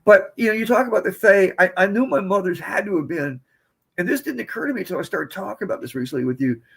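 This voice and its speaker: A man's voice: high voice, lively intonation, fast talker, vocal fry, fairly bright tone, slightly rough. A man in his seventies from the United States, a podcast guest telling rambling, digressive stories in a casual way. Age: 70s. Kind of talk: casual storytelling.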